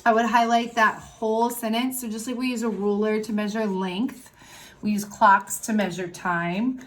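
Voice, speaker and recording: A woman teacher giving a recorded lesson to young children, explaining worksheets step by step in a clear, patient way. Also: medium pitch, steady tone, normal speed, fairly bright tone. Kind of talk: recorded remote class lesson.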